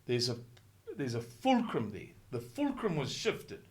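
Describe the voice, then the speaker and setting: A man from South Africa giving a monologue video commentary, impassioned and rhetorical, swinging from hushed tones to shouting and repeating words for emphasis. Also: medium pitch, huge pitch swings, a little slow.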